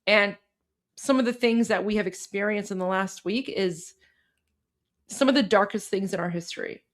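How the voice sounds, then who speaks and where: A woman's voice: medium pitch, normal speed. A woman from Iran co-hosting a live stream, chatting casually with many fillers and restarts.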